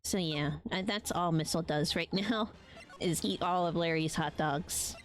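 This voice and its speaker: A woman's voice: lowish voice, moderate pace, soft background music. A young woman streamer chatting casually while playing a game, rambling with many ums. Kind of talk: casual let's-play commentary.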